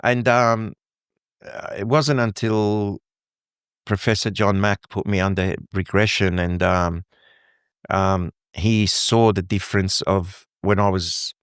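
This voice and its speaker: A middle-aged man from Lebanon with a lowish voice tells his story vividly and acts out the lines he heard. The sound is close and dry, with no room around him. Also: takes it slowly, clear, resonant tone, no echo. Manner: animated storytelling, acting out quoted dialogue. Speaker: guest. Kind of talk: conversational interview.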